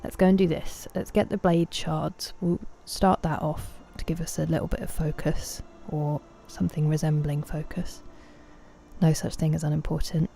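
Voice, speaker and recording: Woman, game streamer, casual chat with viewers, playful, lowish mellow voice, faint music. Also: little pitch movement, moderate pace, vocal fry. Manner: chatty, greets chat viewers by name, playful. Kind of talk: casual live-stream chat while gaming.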